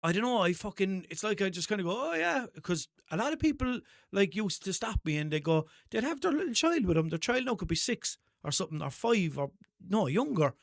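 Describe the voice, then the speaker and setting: Young Limerick man, high-pitched, dry close sound, rambling sweary podcast host. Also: big pitch swings, a little fast, dry recording. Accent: Limerick Irish. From Ireland. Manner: rambling, sweary, self-mocking storytelling with put-on voices. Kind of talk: casual solo podcast monologue.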